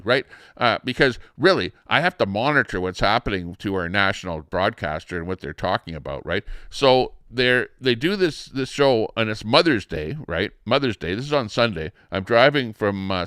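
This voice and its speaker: A man's voice: fairly low pitch, a bit bright, clear, resonant tone, dry recording, studio quality. A middle-aged man ranting casually as a livestream host, rambling with many fillers and restarts in an indignant tone.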